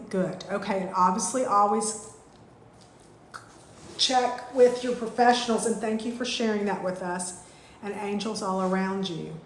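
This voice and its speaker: A woman, teaching a live online spiritual class in a gushing, heartfelt way with drawn-out thank-yous. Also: fairly high pitch, a little hiss or hum. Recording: echoey room.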